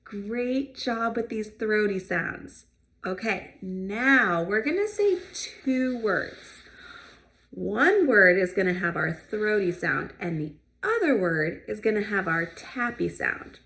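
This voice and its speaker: Woman speech therapist, children's lesson, very slow careful delivery, clear modeled sounds, encouraging. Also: medium pitch, expressive, a bit bright. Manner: encouraging praise.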